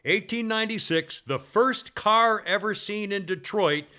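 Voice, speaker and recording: A man's voice: sits high, measured pace, bright, forceful tone. A man hosting a talk radio show, reading this-day-in-history items in a rambling way, full of uhs and restarts.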